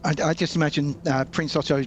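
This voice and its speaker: A man's voice: on the high side, steady tone, brisk, slight background noise. A British man playing a tabletop game, talking in the manner of a foppish, pompous prince. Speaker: player. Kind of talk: tabletop role-play.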